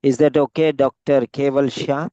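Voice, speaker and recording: A man coaching a student, giving rambling spoken feedback with many pauses, heard through dull lo-fi audio. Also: medium pitch, steady tone, mellow, dry recording. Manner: rambling, many fillers and restarts. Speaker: speaking coach. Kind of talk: spoken feedback on a practice exam.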